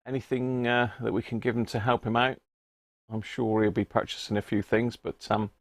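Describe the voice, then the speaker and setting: A man's voice: mid-range voice, little pitch movement, normal speed, no echo. A middle-aged man hosts a casual live stream from his home workshop, chatting, greeting viewers by name and chuckling often. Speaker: livestream host.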